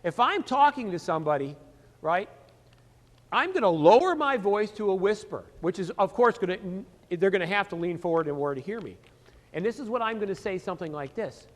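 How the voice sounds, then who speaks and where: Sales trainer, male, high lively voice, reverberant hall. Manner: animated, rhetorical questions and answering himself. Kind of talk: seminar lecture.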